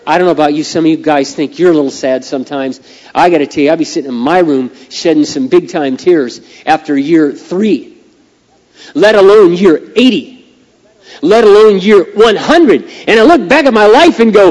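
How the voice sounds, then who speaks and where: A middle-aged pastor preaches with animated, folksy storytelling. His voice sits a little high, and a long hall reverb trails every phrase. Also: normal speed. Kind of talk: sermon.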